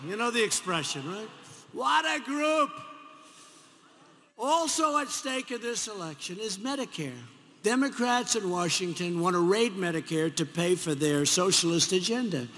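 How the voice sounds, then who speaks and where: Animated older man at a rally, echoey. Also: high-pitched. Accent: New York. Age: 70s. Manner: rambling, repetitive, mocking asides. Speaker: politician. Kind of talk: campaign rally speech. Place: large arena rally. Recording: echoey arena, faint crowd noise.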